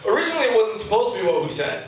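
A man's voice: high voice, big pitch swings, rapid-fire, far from the mic, a little hiss or hum. A man in his thirties doing a stand-up comedy set, self-deprecating, profane and wry. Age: 30s. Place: comedy club stage, indoors. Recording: echoey club audio from afar with audience laughter.

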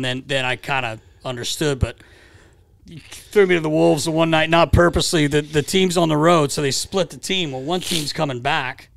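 A man's voice: a little high, gravelly, fairly bright tone, no echo. A man in his fifties co-hosting a podcast, telling stories in a rambling, profane, casual way. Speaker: podcast co-host.

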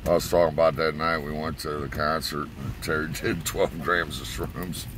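A man's voice: rumbling low, fairly even intonation, moderate pace, background noise. A man telling a rambling, profane story in a casual way, chuckling as he goes, from inside a car.

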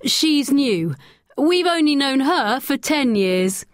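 Woman voicing a friendly older lady on holiday, chatty, raised pitch. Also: animated, takes it slowly, no room sound, studio quality.

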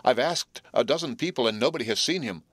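A man reading the part of a frightened lame gentleman who pleads in a trembling voice. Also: mid-range voice, lively intonation, fast, no echo, clean studio sound, voice pushed up. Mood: desperate.

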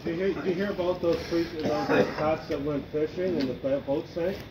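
A man's voice: fairly high pitch, fairly even intonation, brisk, over a noisy crowd, poor audio. A man in casual chat with friends, rambling through corny jokes.

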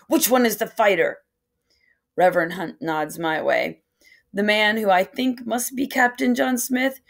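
A woman teacher reading a novel aloud to a class in a steady first-person storytelling way. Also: lowish voice, creaky.

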